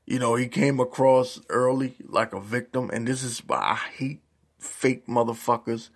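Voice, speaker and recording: A man's voice: mid-range voice, moderate pace, gravelly. A man giving a casual, profane rant as a YouTube commentator, heavy on slang. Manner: profane, animated ranting with slang.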